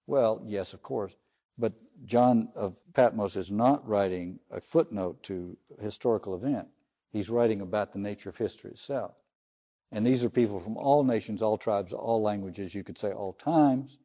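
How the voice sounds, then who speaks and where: A man preaching a sermon on scripture, thoughtful and explanatory, lifting his voice for quoted speech and letting line ends fall low. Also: moderate pace. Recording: slightly dull lo-fi sound.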